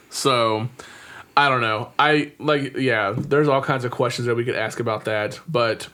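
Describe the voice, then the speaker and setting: A man's voice: mid-range voice, measured pace, sharp tone. Laid-back male podcast host. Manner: laid-back, laughing, sighs. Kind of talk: casual chat.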